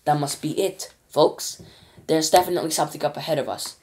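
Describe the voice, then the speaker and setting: Woman as excitable astronaut, stammering, urgent storybook voice. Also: low-pitched, a little fast, lightly acted. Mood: excited. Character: excitable male astronaut commander, flustered. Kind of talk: children's storybook reading.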